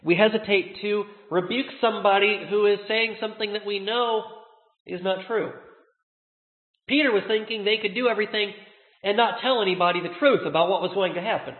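A man with a high-pitched voice delivers an earnest sermon, drawing out the words he wants to land. The sound is thin and tinny, like a phone line. A long echo rings around a big hall. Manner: earnest, slowing down to stress key words. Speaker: pastor.

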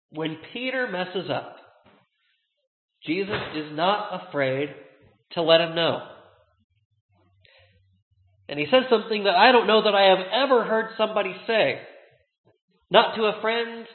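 A man preaching a sermon as a pastor, earnest, slowing down to stress key words. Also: high-pitched. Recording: tinny, echoey hall.

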